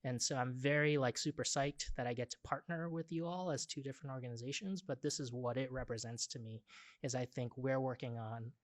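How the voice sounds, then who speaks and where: A man's voice: mid-range voice, fairly even intonation, fairly quick, dry recording, studio quality. A man with a Boston accent introducing speakers at a conference, blunt and emphatic, often checking in with "right?". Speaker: symposium organizer introducing speakers. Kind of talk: conference talk.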